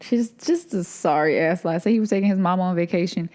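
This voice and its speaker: A woman's voice: on the low side, a little fast, a little mellow. A woman co-hosting a podcast who tells stories bluntly and profanely, laughing easily in casual chat. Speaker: podcast co-host.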